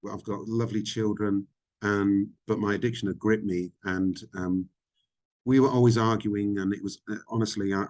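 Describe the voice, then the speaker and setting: A middle-aged man talks openly as an interview guest. His voice sits a little low, and he speaks reflectively, often pausing with ums and restarting his sentences. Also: darkish tone. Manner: reflective, frank, halting with frequent ums. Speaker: podcast guest. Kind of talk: candid interview conversation.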